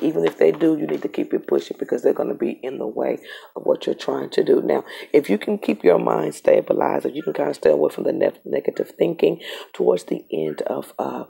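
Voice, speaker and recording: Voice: mid-range voice, fast talker, creaky, mellow, slightly rough. A tarot reader giving a casual reading straight to the camera, emphatic and repetitive.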